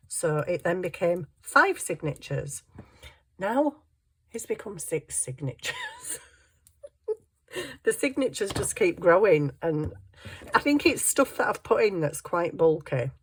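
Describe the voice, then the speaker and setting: A woman's voice: deep voice, breathy edge. A middle-aged woman chatting casually about her crafts in a rambling, self-deprecating way while she works. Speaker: crafting vlogger.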